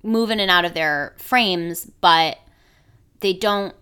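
A woman co-hosting a podcast, chatting casually and arguing her points quickly. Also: lowish voice, bright, forceful tone, smooth. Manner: quick, analytical, profane. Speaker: podcast co-host. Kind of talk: casual chat.

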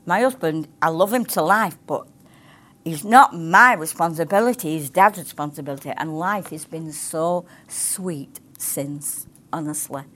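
A woman's voice: sits low, unhurried, a bit bright. An older woman, teaching a sermon in a chatty way and acting out the voices she quotes. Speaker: ministry teacher.

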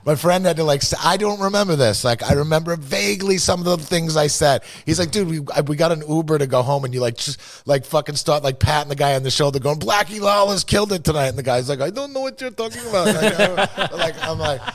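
A man's voice: on the high side, fairly quick, few pauses. A man telling a rambling, profane, self-deprecating story in casual podcast talk.

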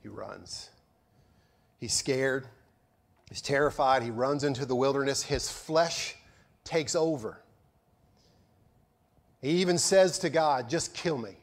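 A male pastor preaching a sermon in a storytelling manner, with a touch of sarcasm, moving from loud to hushed. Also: mid-range voice, slow, vocal fry, pauses often.

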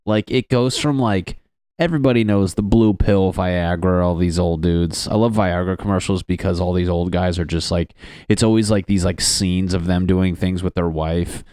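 A man's voice: deep voice, fairly even intonation, normal speed, darkish tone, no room sound, studio quality. A man doing a casual, crude comedic monologue as a podcast host, rambling and laughing at his own jokes.

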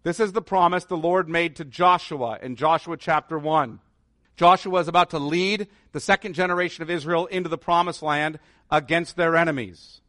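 A man's voice: fairly high pitch, moderate pace, fairly bright tone, dry recording, clean studio sound. A man preaching a sermon as pastor, earnest and rising to emphatic declarations.

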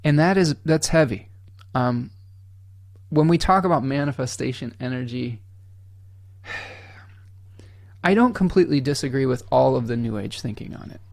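Man, astrology livestream host, conversational, candid, emotional at times, fry in the voice. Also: mid-range voice, expressive, a little slow, long pauses, a little mellow, dry recording, clean studio sound. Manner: earnest, conversational, checks in with listeners; candid and blunt, drops mild swears.

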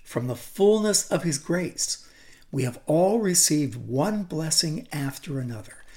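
An older man preaching a sermon, deliberate and reflective, sinking to a whisper on key phrases. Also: a little high, animated, dark tone.

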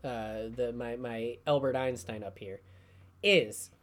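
An animated man from New York co-hosting a casual podcast. He argues his food opinions with lively emphasis, often repeating words to hold the floor. His voice sits at an ordinary middle pitch. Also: takes it slowly. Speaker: podcast co-host. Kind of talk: casual chat.

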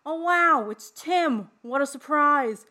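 A woman's voice: expressive, bright, forceful tone, slight background noise, heavily acted. A woman putting on a campy, drawling man's voice as she acts out a movie line. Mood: faux surprised. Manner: slow, high, drawn-out campy delivery. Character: campy drawling man calling out to a friend.

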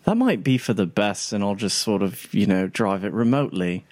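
A man with a very deep voice playing a tabletop game, recorded close and dry with no room sound. He states his moves and dice results plainly and matter-of-factly. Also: animated, normal speed, darkish tone, no echo. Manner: matter-of-fact, reads out numbers.

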